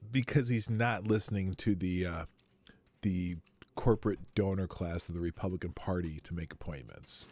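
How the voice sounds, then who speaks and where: A man hosting a live show, rambling through casual commentary with frequent swearing and sudden jumps in pitch. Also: moderate pace, a little mellow, dry recording.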